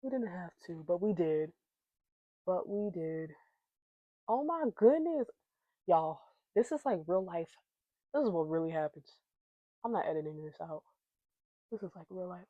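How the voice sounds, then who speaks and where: A woman's voice: on the low side, lively intonation, unhurried, pauses often, a little mellow, dry recording, muffled recording. A young woman hosting her podcast, chatting casually and playfully to herself while doing her makeup. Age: young adult. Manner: playful, giggly, talks to herself. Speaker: podcast host.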